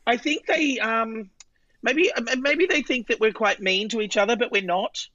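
Bawdy Australian drag queen, bright high voice. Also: moderate pace, no room sound, muffled recording. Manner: bawdy, laughing, loud when retelling. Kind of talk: casual interview chat.

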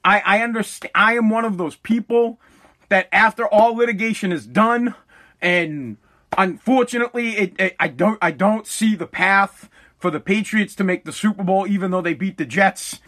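A man with a very high, bright voice delivers a profane, fired-up rant from his home at night. He mocks the people he is complaining about and keeps pushing, full of heat. His tone stays sharp and cutting. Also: normal speed. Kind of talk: ranting monologue.

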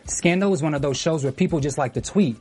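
A co-host of a fan talk show, making a point haltingly with restarts in casual panel chat. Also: medium pitch, a little mellow, slightly rough, faint music behind.

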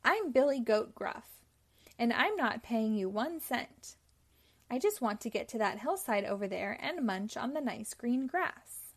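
A scrawny little billy goat, read by a woman who talks in a gruff, cheeky way, pitched a little higher than her narration. He is rude to the troll and refuses to pay the toll. It is a storybook read aloud to children. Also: very animated, measured pace, exaggerated voice. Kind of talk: reading a picture book aloud.

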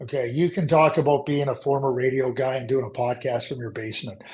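A man's voice: medium pitch, steady tone, brisk, a little mellow. A middle-aged man, a hockey analyst guest giving emphatic, opinionated sports talk and repeating words when he presses a point. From Canada.

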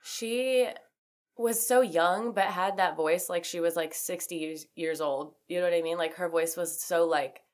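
A young woman with a slightly low voice chats on her podcast. She talks loosely and rambles, with plenty of "like" fillers and quick laughs. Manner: chatty, frequent "like" fillers, laughs easily. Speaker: podcast host. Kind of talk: casual chat.

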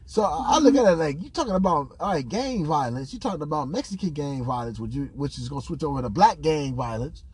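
A man's voice: a little high, lively intonation, fast, hardly any pauses, a little mellow, husky, dry recording. A man hosting a podcast in casual chat, telling a loose, profane story with a lot of laughter. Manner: acts out other people's words in exaggerated voices. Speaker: podcast host.

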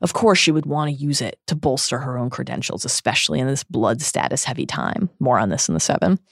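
Woman podcast host, earnest dramatic recap, gravelly voice, dry studio sound. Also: a bass voice, fairly quick, dry recording.

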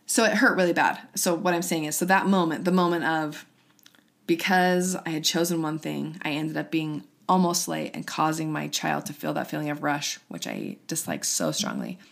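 A woman's voice: deep voice, lively intonation, moderate pace, gravelly. A woman in her thirties telling an emotional personal story in casual chat, often acting out what others said. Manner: emotional, quoting others in raised voices. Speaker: host sharing a personal story.

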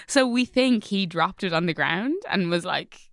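A woman telling a casual anecdote in an animated, giggly way. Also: fairly low pitch, moderate pace, no room sound, clean studio sound.

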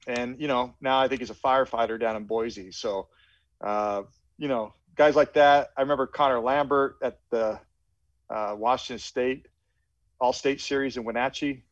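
A man's voice: mid-range voice, normal speed, dry recording. A middle-aged man, a veteran baseball coach from the Pacific Northwest, telling recruiting stories in an interview and acting out the dialogue. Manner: animated anecdotes, acts out quoted dialogue. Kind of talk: storytelling interview answer. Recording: dry, dull lo-fi podcast audio.

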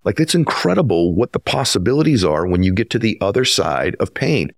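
A man's voice: fairly low pitch, very animated, fairly quick, dry recording, clean studio sound. A man hosting an interview, introducing his guest with earnest, emphatic storytelling. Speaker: podcast host.

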